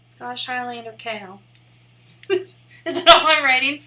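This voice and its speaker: A woman's voice: sits high, unhurried, bright, forceful tone. A young woman streaming live, rambling in a casual, giggly way with lots of "like" fillers. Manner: rambling and giggly, heavy use of "like".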